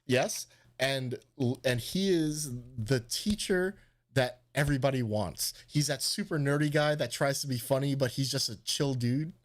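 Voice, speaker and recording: A man hosting a live stream, casually telling a story, swearing freely and acting out what people said in a raised voice. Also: medium pitch. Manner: animated, swearing, acts out quotes in a raised voice. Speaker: host.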